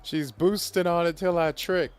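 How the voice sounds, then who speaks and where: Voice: mid-range voice, steady tone, moderate pace, clear, resonant tone, faint music behind. A VTuber streamer giving casual, joking commentary over gameplay, breaking into theatrical mock pleading and moaning.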